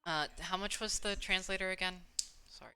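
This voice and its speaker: A woman's voice: medium pitch, steady tone, fairly quick, pushed and bright, smooth, faint music behind. A woman playing a tabletop game, hesitant and giggly as she describes her character. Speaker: player. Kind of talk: casual tabletop play.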